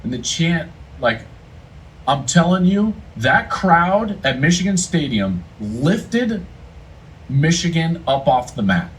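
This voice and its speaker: A man's voice: a little high, big pitch swings, takes it slowly, recorded from a distance, slight background noise, rough recording. A man giving a football analyst's emphatic, storytelling breakdown of a game moment. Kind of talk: casual commentary breakdown.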